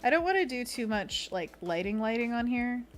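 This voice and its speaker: A young woman streaming as an art host, chatting casually with viewers while she paints, giggly and quick to slip into playful bits. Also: fairly high pitch, big pitch swings, soft background music.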